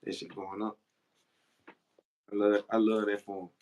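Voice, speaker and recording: A man's voice: on the low side, little pitch movement, normal speed, a little mellow, low-quality recording. A man from Memphis, telling loose, profane stories on a livestream and laughing as he goes. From Memphis, Tennessee. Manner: profane, laughing, slangy storyteller. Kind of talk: casual storytelling on a livestream.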